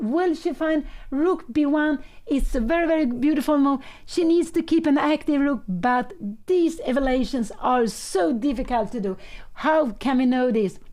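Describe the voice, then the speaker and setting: An older woman, a native Swedish speaker, commentating a live chess game, thinking aloud with anxious excitement and non-native phrasing. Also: high-pitched.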